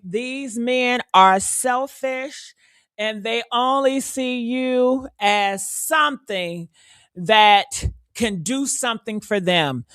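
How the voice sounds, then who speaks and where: A woman's voice: on the high side, bright, forceful tone, clear, resonant tone, dry recording, clean studio sound. A woman hosting reaction commentary, talking in a sassy, blunt, profane and preachy way. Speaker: commentary host.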